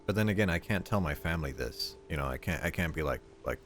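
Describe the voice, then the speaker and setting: A man's voice: very deep voice, expressive, quick pace, fairly bright tone, a little hiss or hum. A young man streaming and chatting casually, rambling and repeating his words as he goes. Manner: rambling, repeats words, quotes family in voices. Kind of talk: casual chat.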